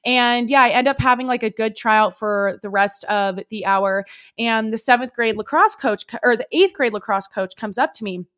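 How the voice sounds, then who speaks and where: A woman's voice: a little high, normal speed, fairly bright tone. A young woman hosting a podcast, telling a personal story in a chatty, casual way, full of fillers and swearing. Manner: chatty, swears freely, lots of "like". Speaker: podcast host.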